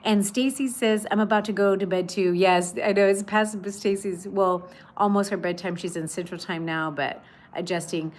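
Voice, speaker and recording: A woman's voice: mid-range voice, steady tone, normal speed. A woman hosting a casual livestream from her patio, chatting and reading viewer comments aloud. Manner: chatty, warm greetings, many fillers. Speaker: livestream host. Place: outdoor patio at home.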